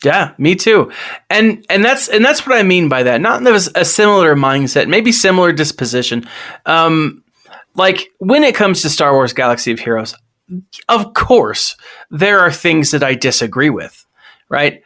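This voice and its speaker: A man's voice: fairly high pitch, sing-song, normal speed, bright, forceful tone. A man appearing as a guest on a podcast, talking earnestly and enthusiastically in casual chat. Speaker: podcast guest, video creator.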